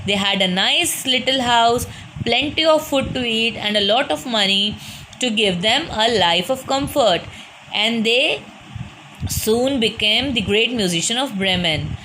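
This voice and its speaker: A woman's voice: on the high side, lively intonation, measured pace, sharp tone, a little hiss or hum, rough recording. A woman teacher with an Indian English accent reads a story lesson aloud and patiently explains each hard word. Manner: patient, repeats and explains words.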